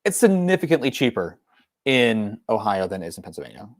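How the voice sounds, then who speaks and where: A man's voice: fairly low pitch, big pitch swings, brisk, no echo, studio quality. A young man hosting a whiskey livestream, talking casually in a rambling way with many ums and restarts. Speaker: whiskey channel host.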